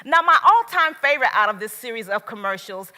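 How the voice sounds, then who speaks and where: A woman giving a motivational speech at a business event, slow and emphatic, with dramatic pauses. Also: a little high, lively intonation, bright, forceful tone. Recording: long reverb of a large hall.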